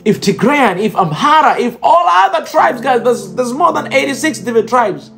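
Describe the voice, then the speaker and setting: A man's voice: extremely high pitch, expressive, moderate pace, gravelly, fairly bright tone, soft background music. A man with an East African accent making an impassioned, pleading appeal to his viewers, repeating his phrases for emphasis. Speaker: video blogger addressing viewers. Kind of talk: impassioned direct-to-camera appeal.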